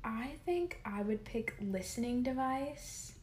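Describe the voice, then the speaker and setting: A woman's voice: a little high, animated, takes it slowly, a little mellow, a little hiss or hum. Playful young woman in a roomy space. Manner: playful, jokey. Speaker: co-host. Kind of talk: casual chat. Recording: roomy echo.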